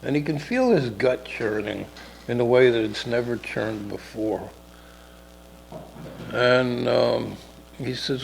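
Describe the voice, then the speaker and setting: A middle-aged man tells a loose, meandering story on a casual talk show, slipping into the voices of its characters. His voice has a gravelly edge and sits at an ordinary pitch. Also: takes it slowly, pauses often, a little hiss or hum, low-quality recording. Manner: rambling, acts out characters in dialogue. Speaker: podcast co-host telling a story.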